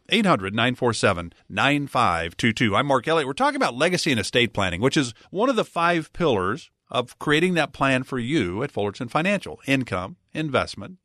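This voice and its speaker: A man's voice: mid-range voice, a bit bright, no echo, clean studio sound. A man hosting a financial radio talk show, chatting conversationally and reading out a phone number. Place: radio studio. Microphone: studio mic.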